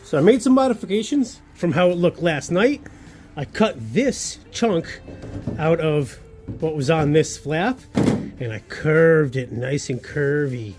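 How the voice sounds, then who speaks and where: An upbeat man talks through his build in a casual workshop vlog, his pitch bouncing all over as he thinks aloud. He hypes his progress with casual slang, and soft music plays low behind him. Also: lively intonation, unhurried. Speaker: car builder.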